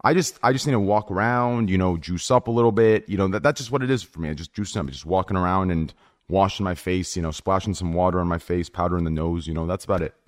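A man's voice: low-pitched, fast talker, dry recording, studio quality. A man hosting a casual group podcast over a wireless headset, brash and swearing, often repeating himself.

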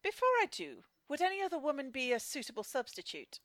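A woman's voice: high-pitched, huge pitch swings, fast, fairly bright tone, dry recording, exaggerated voice. A woman doing a sarcastic Irish dating agent. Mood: dry. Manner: dry, sarcastic. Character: brisk young female dating agent, dry and sarcastic. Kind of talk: comedy sketch acting.

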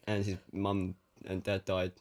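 A man's voice: sits low, monotone, unhurried. A man co-hosting a podcast, chatting casually in a dry, teasing, laid-back way. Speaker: podcast co-host. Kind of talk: casual chat.

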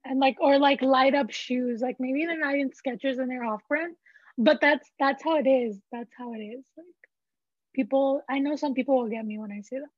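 High-voiced teen girl, dry lo-fi sound. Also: normal speed, dry recording. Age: teens. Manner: rambling, frank, filler-heavy. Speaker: teen panelist. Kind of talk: casual chat.

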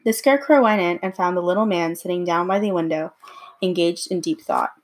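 A woman reading a storybook chapter aloud at a measured, unhurried pace with small slips. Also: lowish voice. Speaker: reader.

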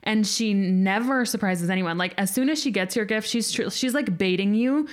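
At a medium pitch and ordinary pace, this young adult woman co-hosts a podcast and shares a personal story. Her storytelling is casual and chatty, full of "like" fillers.

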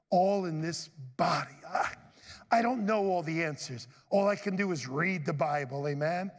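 A man's voice: high-pitched, in a large hall. A middle-aged man preaching a sermon as pastor, folksy and chatty, calling out to the congregation for amens. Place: church sanctuary.

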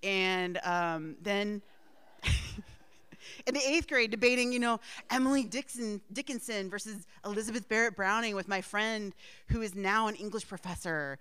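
A woman's voice: medium pitch, unhurried, fairly bright tone, clean tone, no room sound. A middle-aged woman telling a personal family story in a rambling way, with asides and frequent laughs.

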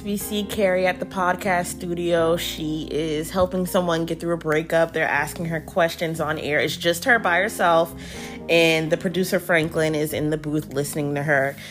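A woman in her early thirties hosting a podcast, recapping a TV show in casual, slangy chat with dramatic reenactments. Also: lowish voice.

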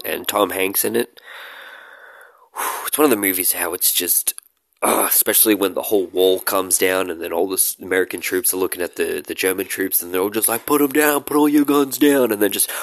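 A man talking casually to his audience in a rambling, joking way about films he likes. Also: low voice. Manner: joking, rambling, with loud shouted bits and laughs. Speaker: movie vlogger. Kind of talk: casual rambling talk to camera.

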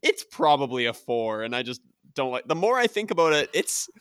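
Bright-voiced earnest male co-host. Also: mid-range voice, sing-song, fairly quick, smooth, no room sound, studio quality. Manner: earnest, candid, laughs often. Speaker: podcast co-host. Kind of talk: casual film review chat.

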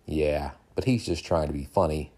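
A man's voice: extremely low pitch, moderate pace, dark tone. Man reading as a nervous young man. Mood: shy.

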